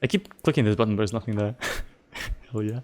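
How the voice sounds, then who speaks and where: A man's voice: fairly low pitch, fairly quick, a little mellow, slight background noise. A man playing a game on stream, reading its narration aloud and chatting casually. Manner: reads narration aloud, laughs often.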